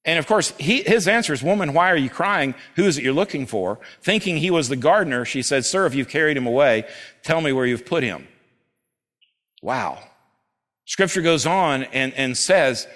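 An earnest male pastor preaching at a church service, his voice sitting a touch higher than most men's. He swings between loud, urgent stretches and slow, hushed readings of scripture. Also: lively intonation. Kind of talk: sermon. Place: church service before a congregation.

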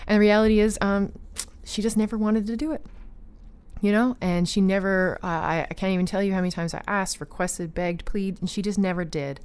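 A woman talking casually about her own life, earnest, with lots of fillers and restarts, growing animated when she retells disagreements. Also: medium pitch, brisk, clear, resonant tone. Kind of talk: personal storytelling chat.

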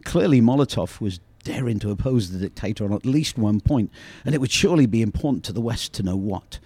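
A man's voice: fairly low pitch, animated, brisk, dark tone, husky, no echo. A playful man on a coaching podcast, reading out jokes and ribbing his co-hosts. His voice swoops up and down with animation. The sound is dry and close to the mic. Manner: playful, teasing. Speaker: podcast co-host.

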